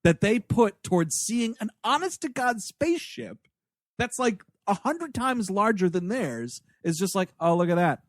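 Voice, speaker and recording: A man co-hosting a movie review podcast in casual chat, telling the plot with animated asides and quick acted-out lines. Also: high-pitched, no room sound, studio quality. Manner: animated storytelling, acts out characters in quick asides. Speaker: podcast co-host.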